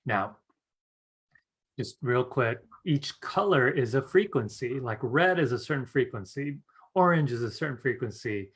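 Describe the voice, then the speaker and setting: A man's voice: mid-range voice, lively intonation, measured pace, slightly rough. A man teaching a live-streamed class on psychic skills, chatty and earnest, often asking "right?" and laughing. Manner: chatty, fills with "you guys" and "right?".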